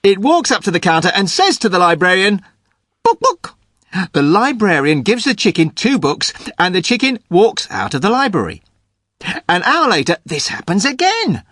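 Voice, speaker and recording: A man's voice: high voice, sing-song, normal speed, a bit bright, no room sound. Guy telling a corny joke, very up and down voice, chuckles, dry sound. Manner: hesitant start, chuckles at own joke. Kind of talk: scripted comic storytelling.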